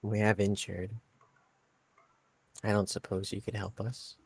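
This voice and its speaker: A man doing a soft-spoken bookish girl. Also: on the low side, flat delivery, unhurried, breathy edge, no echo. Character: quiet, bookish teenage girl.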